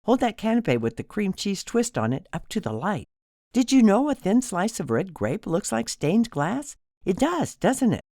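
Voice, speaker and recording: A man's voice: sing-song, moderate pace, a little mellow, dry recording, studio quality, exaggerated voice. Man doing a gushing Midwestern cruise director. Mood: bubbly. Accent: Midwestern American. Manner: bubbly, nonstop, high-energy chatter. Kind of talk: audiobook character voice.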